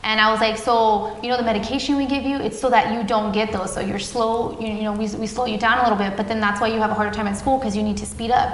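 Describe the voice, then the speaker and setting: Woman guest, fairly high voice, lively storyteller who acts out quotes, in a reverberant café with faint noise. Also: fast talker, few pauses. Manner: animated storytelling, acting out quoted dialogue. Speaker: guest, parent of a child with epilepsy. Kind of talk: casual interview conversation.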